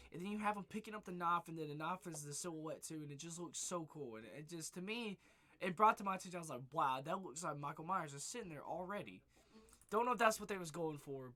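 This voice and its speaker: A man's voice: a little high, sharp tone. A young man giving a casual spoiler recap of a movie, rambling and swearing freely, leaning on filler words. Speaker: movie reviewer.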